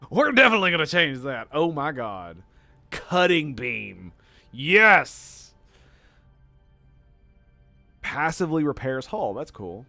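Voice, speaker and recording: A man giving let's play commentary as a gaming streamer, excitable and profane, gushing over every detail. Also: fairly high pitch, no echo.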